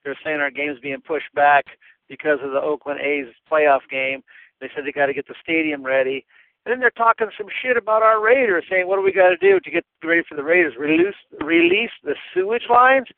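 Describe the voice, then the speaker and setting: A high-voiced man from Minnesota vents angrily in a fan voicemail, swearing at everyone he blames. The call sounds thin and phone-like, dry and close. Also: no echo. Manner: cursing, fed-up complaining. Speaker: fan caller. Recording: tinny phone line.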